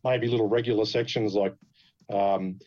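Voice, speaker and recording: A man's voice: lowish voice, steady tone, normal speed, dark tone, lo-fi sound. Swearing Australian man telling stories. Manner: swears freely, laughs through his stories. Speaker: podcast host. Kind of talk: casual podcast storytelling.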